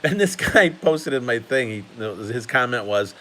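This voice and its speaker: A man's voice: fairly high pitch, sing-song, normal speed, bright, forceful tone, rough recording. A man hosting a casual card-collecting live stream, chatty and laughing often while he sorts cards at his table.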